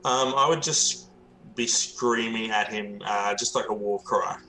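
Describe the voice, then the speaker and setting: Bright-voiced tentative male player. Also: on the low side, fairly even intonation, unhurried, low-quality recording. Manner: tentative, short replies with hesitations. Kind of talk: casual play at a tabletop game.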